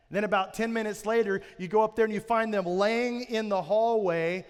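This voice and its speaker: Brief: thirties male pastor, high tenor voice, joking parenting sermon, church hall reverb. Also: steady tone, brisk, few pauses, clear, resonant tone. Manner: storytelling, self-mocking humor. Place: church auditorium.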